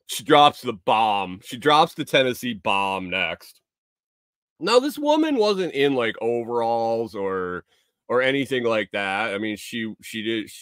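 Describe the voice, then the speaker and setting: This man tells a long, rambling story with a lot of swearing, and his pitch rises and falls in an animated way. He sounds exasperated. The recording is dry and close to the mic, with no room sound. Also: dry recording. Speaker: vlogger. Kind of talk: casual storytelling.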